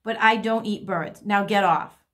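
A woman's voice: mid-range voice, a little slow, fairly bright tone, lightly acted. A woman voicing a grumpy male house cat, exasperated and insistent.

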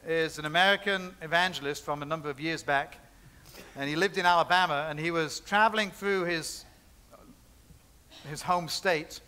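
A man delivers a sermon from the pulpit of a church. His voice sits high and rings bright and forceful. He talks in a conversational way, stacking up repeated phrases and tossing in asides to the congregation. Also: smooth. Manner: conversational preaching with repetition and asides. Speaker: pastor. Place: church sanctuary.

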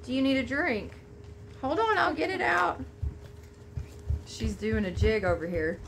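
A woman with a high, very lively voice, gushing and excitable as she chats to camera at home. Her talk bounces up and down in pitch, and a faint hum of room ambience sits behind her. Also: a little slow, vocal fry. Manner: gushing, excitable, Southern-style "y'all". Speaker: vlogger unboxing a gift. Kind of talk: casual chat to camera.

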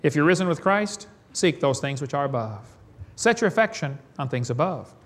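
A man with a Southern US accent preaching a sermon in a folksy, joking way, swinging between loud and soft. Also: fairly high pitch, animated, normal speed. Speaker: evangelist preacher.

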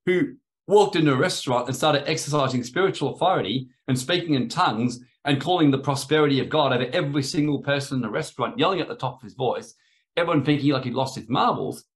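A man giving a rambling, anecdotal talk on spiritual authority, in a sermon style. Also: medium pitch. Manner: rambling, anecdotal, acts out quoted voices. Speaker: spiritual teacher.

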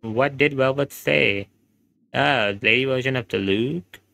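Speaking at a measured pace, this gaming streamer has a medium-pitched, gravelly voice that comes across sharp, with no echo. He's a man with an Indian English accent who chats casually, reads chat aloud, and laughs frequently, using a home streaming setup mic.

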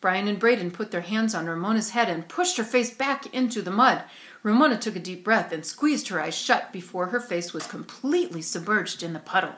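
A woman's voice: medium pitch, a little fast. Woman reading a children's story aloud. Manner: expressive storytelling. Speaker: narrator. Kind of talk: audiobook reading. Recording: roomy echo.

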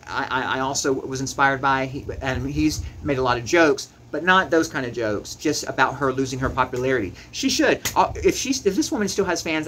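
A man's voice: medium pitch, pushed and bright, a little hiss or hum, rough recording. A man giving a heated commentary rant to camera, emphatic and passionate, often repeating words as he gets worked up. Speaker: YouTuber.

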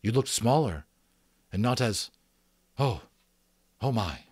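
A man's voice: medium pitch, lively intonation, takes it slowly, darkish tone, breathy edge, no room sound, voice pushed up. A man doing a weary, bitter magician. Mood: wondering. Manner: mournful, theatrical, with flares of sputtering rage. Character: weary, self-doubting male magician, bitter yet kind.

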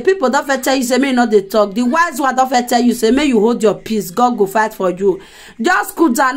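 Chatty Nigerian woman gossiping to viewers. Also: sits high. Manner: chatty, laughs often, addresses viewers directly. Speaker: gossip commentator. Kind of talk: casual gossip commentary.

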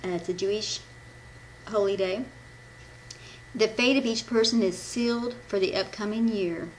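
A woman's voice: medium pitch, moderate pace, a little hiss or hum, low-quality recording. A woman from the American Midwest giving a casual church devotion, reading from her notes, often stumbling and correcting herself with a laugh. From Midwestern United States. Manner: rambling, self-correcting, laughs at her own slips. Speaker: devotional speaker.

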